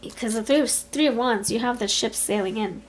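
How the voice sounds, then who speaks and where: A woman giving a pick-a-card tarot reading in an expressive, chatty way, talking aloud to Spirit as she goes. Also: on the high side, brisk, a little hiss or hum, rough recording. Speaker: tarot reader.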